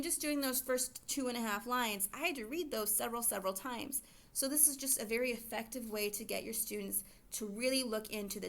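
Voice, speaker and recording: A woman's voice: a little high, fairly bright tone. Chatty woman teacher explaining a lesson. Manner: casual, chatty, explains step by step. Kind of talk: recorded lesson walkthrough.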